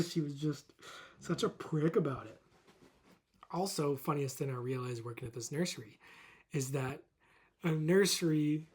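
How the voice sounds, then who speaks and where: Husky young man ranting casually. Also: fairly high pitch. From Calgary, Canada. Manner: swears a lot, laughs often, rambling. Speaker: vlogger. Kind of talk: casual rant to camera.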